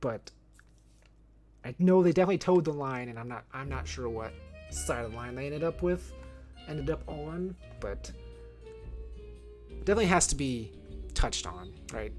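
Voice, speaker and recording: A man with a fairly high-pitched voice and a dark tone talks casually while playing a video game with headphones on. The streamer reviews films, rambling and correcting himself as he thinks out loud, with faint game music in the background.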